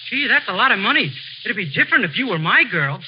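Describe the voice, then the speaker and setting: A man playing a naive, dim young singer in a 1940s radio comedy, with a high, boyish, innocent voice. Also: very animated, quick pace, slightly rough, exaggerated voice. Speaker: comic sidekick. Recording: dull old radio broadcast.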